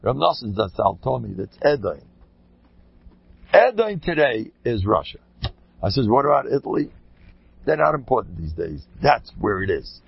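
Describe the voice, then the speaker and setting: A man's voice: mid-range voice, very animated, normal speed, gravelly, pauses often, husky, no echo, highs cut off. A man telling rambling, joking stories, with frequent restarts and asides. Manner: digressive, joking, many restarts. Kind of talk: rambling anecdotal talk with jokes.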